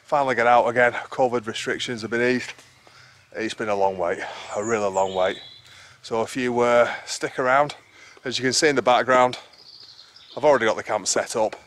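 A man's voice: medium pitch, a little fast, fairly bright tone, a little hiss or hum. A man vlogging casually outdoors on a rural hillside, out of breath and chatty, breaking off and rambling as he goes. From England. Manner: chatty, rambling, self-interrupting. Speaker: wild camping vlogger.

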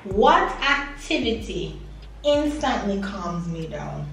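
A young woman hosting a casual quiz chat, lively and quick, laughing often. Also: mid-range voice. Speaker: host. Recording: echoey room from far off, noisy.

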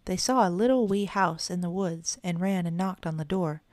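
A woman narrating a children's storybook in an even, measured reading. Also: fairly low pitch, no room sound.

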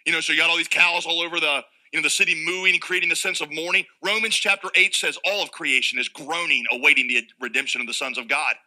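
A man preaching a sermon in an animated way, acting out the voices of biblical figures with humor. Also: on the high side, quick pace, few pauses, rough recording. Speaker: pastor.

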